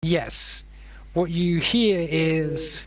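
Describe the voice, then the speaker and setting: A man narrating as game master of a tabletop role-playing session, relaxed and chuckling as he reads out what the players hear. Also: a little high, drawn-out words, dry recording.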